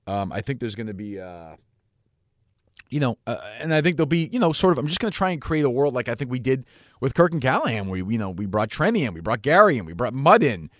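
A man's voice: mid-range voice, big pitch swings, fast, no room sound, clean studio sound. A man hosting a radio talk show, answering listener questions in a rambling, blunt and sometimes profane way. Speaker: radio host.

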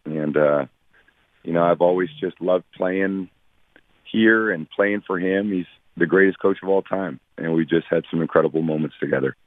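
A man with a low voice calls in to a radio show, and the line sounds tinny and dry. He is in his forties and answers in a measured way, padding his sentences with fillers. He speaks as a guest athlete. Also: no echo. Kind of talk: radio phone interview.

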